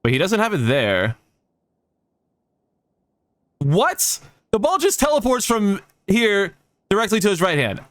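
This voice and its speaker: A man's voice: high voice, wildly swooping pitch, measured pace, pauses often, a bit bright, no room sound. A man giving casual gameplay commentary, swearing and ranting at the game with exasperation. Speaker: gaming YouTuber.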